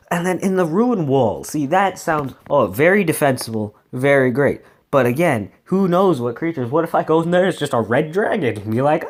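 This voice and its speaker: A man's voice: mid-range voice, expressive, moderate pace, a little mellow. Chatty man reading a gamebook aloud. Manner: stumbling reading, self-corrections, chatty asides. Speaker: streamer reading a solo adventure gamebook. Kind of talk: casual read-aloud with asides.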